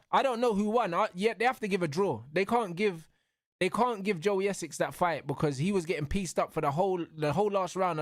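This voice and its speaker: A young man, commentating live on a fight for his stream in an excitable, slangy way, yelling at the referee. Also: sits high, no echo, studio quality.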